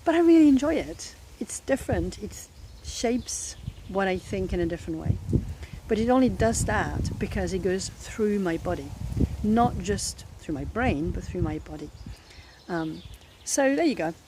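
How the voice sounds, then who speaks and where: A middle-aged French woman, a native French speaker and French teacher, with a French accent, giving thoughtful advice in a reflective vlog and often pausing to search for words. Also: mid-range voice, expressive, background noise. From France.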